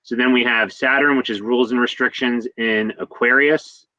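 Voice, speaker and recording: Guest astrologer guy rambling, bright voice, dull dry audio. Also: medium pitch, steady tone, normal speed, dry recording. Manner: loose, rambling explanations with fillers like "kinda" and "like". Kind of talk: casual astrology chat.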